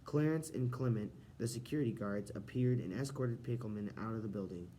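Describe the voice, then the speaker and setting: A man narrating a children's novel as an audiobook in a steady, expressive storytelling manner. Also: on the low side, brisk, a little hiss or hum, rough recording. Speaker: audiobook reader.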